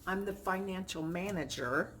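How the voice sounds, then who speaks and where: A woman's voice: lowish voice, moderate pace, a bit bright, a little hiss or hum. A woman vlogger venting in casual chat, chatty and stressed, acting out quoted exchanges with little laughs. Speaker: vlogger and crafter.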